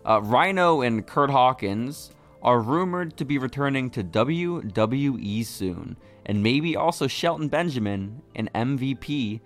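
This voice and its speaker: A man's voice: medium pitch, animated, unhurried, few pauses, fairly bright tone, faint music behind. A man co-hosting a podcast, spinning long build-up stories in loose, profane banter. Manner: storytelling build-ups, swears freely. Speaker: podcast co-host.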